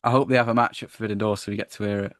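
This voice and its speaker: A man co-hosting a casual wrestling review podcast, chatty and animated as he retells the show. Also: lowish voice, very fast. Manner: chatty, animated when acting out wrestlers, frequent "I was like". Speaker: podcast co-host.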